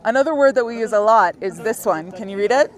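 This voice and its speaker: Out of doors in a busy public spot, with street onlookers around, a woman gives a casual language lesson. Her voice is a little high, animated and quick, and she explains things step by step in a friendly way, laughing often.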